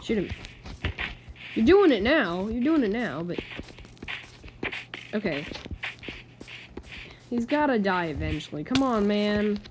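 Her voice sits in the mid range, and background noise runs under it. As host of a gaming channel, she casually narrates her gameplay, sounding chatty and exasperated while begging the creatures on screen.

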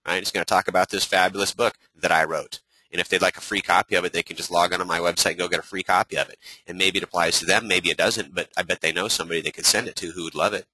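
A man's voice: deep voice, racing, husky, no room sound, rough recording. A man teaching a webinar with lots of energy, often asking rhetorical questions and acting out short conversations. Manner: energetic, talks in rhetorical questions, acts out homeowner dialogue. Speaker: real estate coach.

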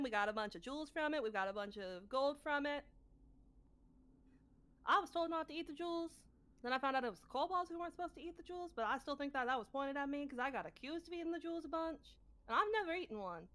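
A high, bright-voiced, scatterbrained adventurer, as a woman puts on a character voice rambles through a recap of a tabletop game. The talk is blunt and forgetful, loses track mid-sentence, and drops casual swears along the way.

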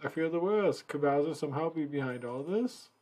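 A man's voice: on the high side, animated, fairly quick, a little mellow, pitched above the performer's own voice. A man doing a fretful old mushroom chancellor. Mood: worried. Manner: anxious, formal.

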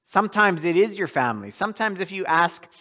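A man's voice: sits high, lively intonation, fairly quick, bright, forceful tone. A male pastor preaching a sermon in a church, earnest and often repeating words as he restarts a thought.

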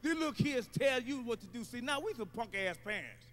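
A man doing a loud, profane stand-up comedy routine, telling stories with sudden shouts. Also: very high-pitched, expressive, fairly quick, slight background noise.

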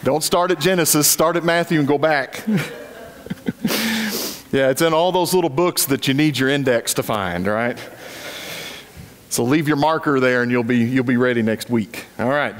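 A man's voice: on the high side, lively intonation, normal speed. A middle-aged man preaching a sermon and reading scripture aloud, with folksy, chuckling asides to his congregation and frequent restarts. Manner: stumbles and repeats words as he talks. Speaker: pastor.

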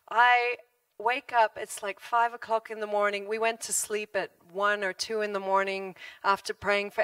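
A woman preaching a sermon in church, telling a story with animated delivery, frequent laughter and acted-out quoted voices. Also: mid-range voice, clear, resonant tone, dry recording, recorded from a distance. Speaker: guest preacher.

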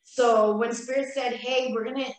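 A woman's voice: fairly high pitch, steady tone, normal speed, slight background noise. A woman sharing in a casual group chat, hesitant and often restarting her sentences. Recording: very echoey, distant from mic.

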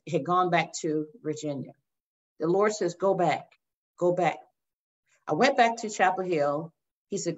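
An older woman minister sharing her testimony in a faith interview, telling it with lively storytelling and acting out the voices. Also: mid-range voice. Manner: animated storytelling, acts out voices, addresses listeners as y'all. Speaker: guest minister. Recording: dull lo-fi sound.

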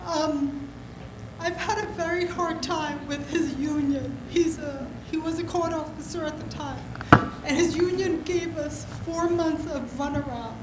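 A woman attorney asking a question at a public forum, emotional and apologetic but earnest. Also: high voice. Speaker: audience member, attorney. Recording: echoey hall, audible room noise.

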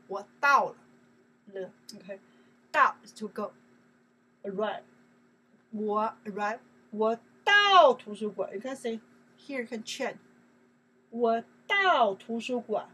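Chinese-accented woman, online language teacher, slow and repetitive, slightly high voice, faint hiss. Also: a bit bright, poor audio. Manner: slow, repetitive explaining in simple English, asking "okay?".

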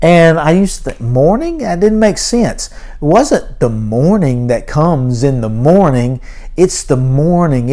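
A man's voice: a little high, a little mellow. Male preacher, earnest sermon delivery with emphatic scripture reading, church setting. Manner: earnest, reads scripture aloud with rising emphasis. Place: church sanctuary.

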